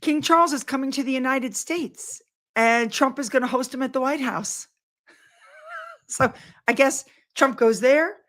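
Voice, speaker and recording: A woman's voice: high-pitched, big pitch swings, a little slow, a bit bright. An older woman vlogging from home, talking straight to her viewers. She rambles from one thing to the next with effusive enthusiasm, keeping everything loose and casual.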